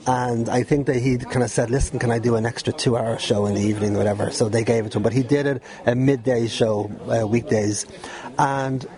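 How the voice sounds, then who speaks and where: A middle-aged Dublin man talking through his memories in a loose, chatty way, often breaking into a laugh. His voice is mellow and soft-edged, sitting at an ordinary pitch for a man. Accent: Dublin Irish. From Dublin, Ireland. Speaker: guest, former pirate radio DJ. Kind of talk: relaxed storytelling interview.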